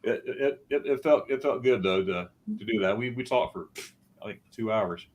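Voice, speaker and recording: His voice sits fairly low and a little mellow, at a normal speed. He hosts a travel livestream, chatting casually over a video call and rambling through anecdotes while voicing the people he quotes.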